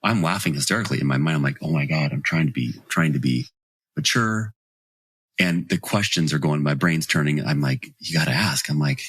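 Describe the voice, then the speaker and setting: A man in his forties telling lively stories as a podcast guest, acting out the people he quotes. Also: very deep voice, fairly quick, breathy edge, no room sound, studio quality. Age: 40s. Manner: animated storyteller, acts out quoted voices. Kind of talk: storytelling in podcast interview.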